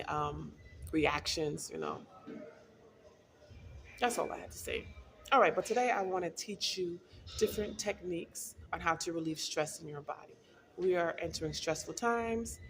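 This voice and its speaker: Middle-aged woman vlogger, gravelly low voice, casual storytelling delivery. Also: slight background noise. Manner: chatty, storytelling, laughs often. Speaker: wellness vlogger. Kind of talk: casual talk to camera.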